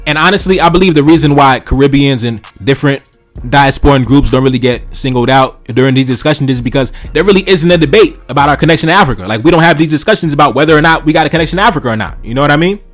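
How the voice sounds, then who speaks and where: A man's voice: on the high side, very fast, soft background music. A Haitian man hosting a reaction video, talking bluntly and profanely, often calling his listeners "bro" and "man". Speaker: channel host reacting to tweets. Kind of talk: reaction commentary.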